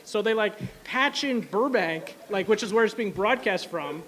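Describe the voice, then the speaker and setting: A man telling a casual, animated story to an audience, full of fillers and asides. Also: high-pitched, a little hiss or hum. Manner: quick, animated, many fillers. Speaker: speaker at an anniversary event.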